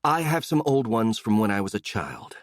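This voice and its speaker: A man voicing a calm, matter-of-fact young woman with a sly, sarcastic edge, in an audiobook. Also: medium pitch, normal speed, no echo, pitched above the performer's own voice. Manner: calm, dry, a bit sarcastic.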